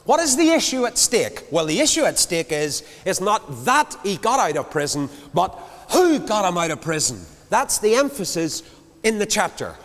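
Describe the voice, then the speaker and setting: Male preacher, lively rising and falling delivery, slightly high voice, long church reverb. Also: normal speed. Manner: emphatic, swinging from loud declarations to quiet low asides. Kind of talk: sermon. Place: large church.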